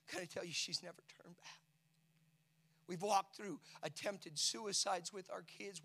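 High-voiced man preaching with emotion. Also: fairly even intonation, measured pace. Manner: emotional storytelling preaching, swinging from hushed to shouting. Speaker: pastor. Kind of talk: sermon.

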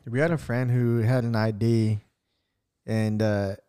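A man's voice: mid-range voice, level tone, a little slow, mellow, clear, resonant tone, no echo. Blunt young man, dry close sound. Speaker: podcast co-host. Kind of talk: casual chat.

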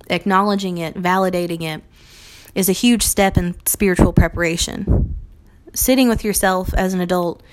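A young adult woman, a Montessori teacher, speaks earnestly and reflectively on teaching and acts out short quoted phrases. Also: mid-range voice. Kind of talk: recorded talk on teaching.

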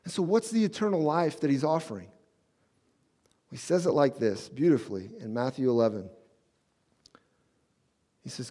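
A man preaching a sermon as pastor in a conversational way, dropping soft and slow when he quotes scripture. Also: medium pitch.

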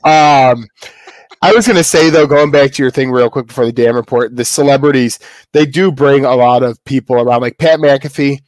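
A man's voice: medium pitch, normal speed, no room sound. Man, podcast co-host, rambling casual talk, dry close sound. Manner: rambling, many fillers and restarts. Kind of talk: casual wrestling podcast chat.

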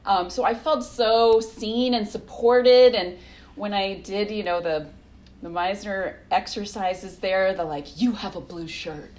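A woman in her thirties, a guest telling lively stories in casual conversation, laughing often and acting out quotes. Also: mid-range voice, takes it slowly. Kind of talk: casual interview storytelling.

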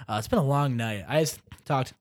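A man's voice: medium pitch, brisk. A tired man co-hosting a podcast, chatting casually and jokingly, with lots of fillers and restarts. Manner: rambling, jokey, many fillers and restarts. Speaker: podcast co-host. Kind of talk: casual chat.

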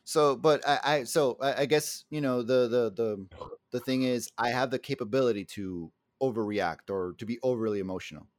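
A man's voice: medium pitch, normal speed, no room sound. A man co-hosting a casual podcast chat, rambling with lots of restarts and swearing, and openly emotional. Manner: self-described very emotional. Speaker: podcast co-host.

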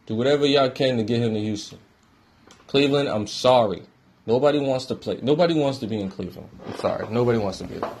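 A young man from New York rants casually and profanely, shifting between loud outbursts and low mutters. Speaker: independent musician giving sports opinions. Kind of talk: casual ranting monologue.

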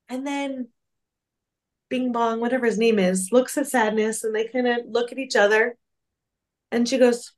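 A woman's voice: fairly high pitch, steady tone, moderate pace, darkish tone. A woman co-hosting a faith-based podcast, talking earnestly and reflectively with many fillers. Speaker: podcast co-host.

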